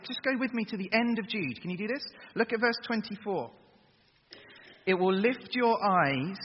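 A man preaching a lively sermon to young people, getting them to chant along. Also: high voice, a little hiss or hum. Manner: energetic, gets the crowd to chant along. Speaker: youth preacher. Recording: dull echoey hall recording.

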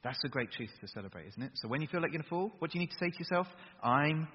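A man speaking very fast in a fairly high, breathy, expressive voice preaches a sermon and leads prayer for young people in a big hall. Earnest throughout, he alternates loud exhortation with hushed lines and draws the crowd into call-and-response, all on dull lo-fi audio with a long reverb tail.

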